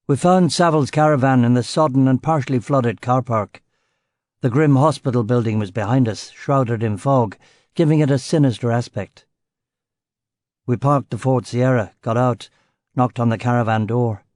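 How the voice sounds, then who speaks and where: A man's voice: medium pitch, normal speed, a little mellow, dry recording, studio quality. A man reading a first-person detective novel aloud in clipped, terse phrases. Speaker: audiobook narrator.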